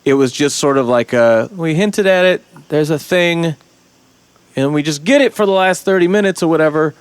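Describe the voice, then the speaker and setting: A man co-hosting a podcast, talking casually about a film in an animated way, swearing now and then and slipping into quoted lines. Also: fairly high pitch, moderate pace, clear, resonant tone, no room sound. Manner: animated, profane, breaks into quoted voices. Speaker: podcast host.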